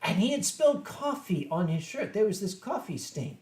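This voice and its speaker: Brief: high-pitched male host, rambling profane anecdotes, echoey room. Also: big pitch swings, moderate pace, a little mellow. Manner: rambling, profane, self-mocking. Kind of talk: casual storytelling on a drinking stream.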